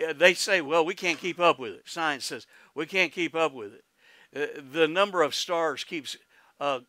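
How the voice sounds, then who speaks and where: Folksy Oklahoman preacher, bright voice. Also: a little high, dry recording. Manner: folksy, exclamatory, peppered with hallelujahs and amens; laughs easily, calls out to congregation. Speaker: pastor. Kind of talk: sermon.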